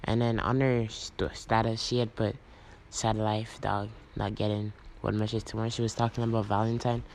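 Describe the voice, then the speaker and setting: A young man casually retelling a text conversation in a low-key, rambling way, full of "I'm like" and "she's like". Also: flat delivery, moderate pace, gravelly, a little hiss or hum, low-quality recording. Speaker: vlogger. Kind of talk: casual storytelling, reading out texts.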